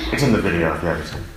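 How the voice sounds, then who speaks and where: A middle-aged man fondly remembering his late father, halting, with many fillers and restarts. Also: sits low, background noise. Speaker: son giving a eulogy. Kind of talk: personal reminiscence. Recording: very echoey hall.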